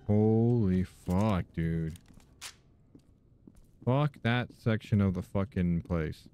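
A man's voice: deep voice, drawn-out words, mellow, slight background noise. A young man casually commenting while playing a horror game, reacting with startled, profane outbursts. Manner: jumpy, profane reactions to scares. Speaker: gaming channel host. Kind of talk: let's play commentary.

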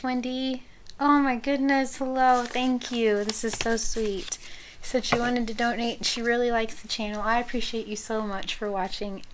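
A woman hosting a crochet channel, chatting casually and gushing softly as she opens mail, sometimes dropping to a whisper. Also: on the high side, slight background noise. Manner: gushing, soft-spoken, often drops to a whisper. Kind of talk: casual unboxing chat.

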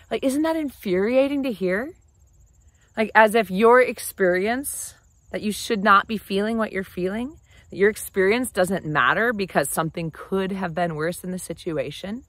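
A woman hosting a casual advice talk to camera, conversational and animated. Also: mid-range voice, moderate pace, no echo. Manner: animated, conversational, often acts out quoted phrases. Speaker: relationship advice host.

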